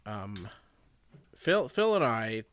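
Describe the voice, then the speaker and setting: A man's voice: lowish voice, big pitch swings, slow pace, fairly bright tone, slight background noise. A man chats loosely as a podcast co-host. He rambles and often stops to restart his sentences. His tone is easygoing and conversational. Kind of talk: casual chat.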